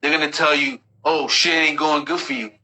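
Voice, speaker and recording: A man, talking bluntly and profanely in a casual livestream chat about spiritual practice, telling animated stories. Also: a little high, a little fast, noisy background. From New York.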